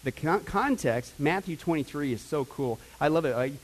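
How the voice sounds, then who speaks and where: Man, pastor, high voice, conversational sermon, soft asides then loud bursts. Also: moderate pace, low-quality recording. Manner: energetic, conversational, swings from quiet asides to loud emphasis. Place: church sanctuary.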